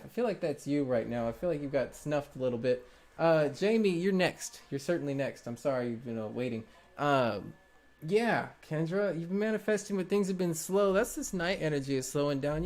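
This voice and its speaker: A man's voice: a little high, a little mellow. Encouraging man giving a tarot reading. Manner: encouraging, loose and rambling, with fillers. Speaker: tarot reader.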